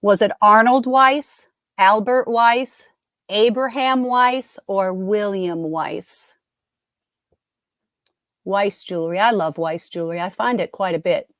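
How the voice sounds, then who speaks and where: A slow, mid-range voice with a bit of brightness belongs to a middle-aged woman hosting live trivia. She chats casually and cheerfully, often interrupting herself, and the recording is dry with clean studio sound.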